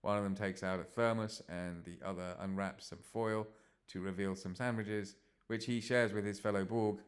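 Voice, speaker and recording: A man's voice: on the low side, fairly even intonation, moderate pace, close to an everyday voice. A man voicing an eager young female starship reporter who talks in a chatty, slightly nervous way. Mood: earnest.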